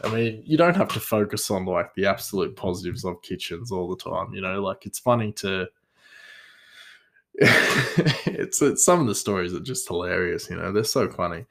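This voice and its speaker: Gravelly low-voiced Australian man rambling. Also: animated, moderate pace, fairly bright tone. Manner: rambling, self-deprecating, laughs often. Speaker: podcast host. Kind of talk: casual storytelling.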